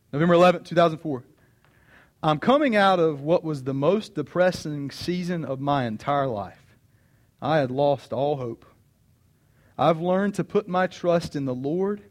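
A man in his thirties preaching a sermon, earnest and personal, repeating key phrases for emphasis. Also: on the high side. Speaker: pastor.

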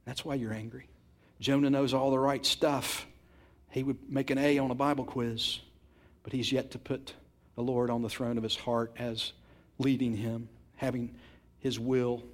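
A man preaching a sermon, moving from quiet, intimate passages to loud, emphatic ones, repeating words for stress. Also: mid-range voice, flat delivery, unhurried. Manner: repeats and restarts words when stressing a point. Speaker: pastor.

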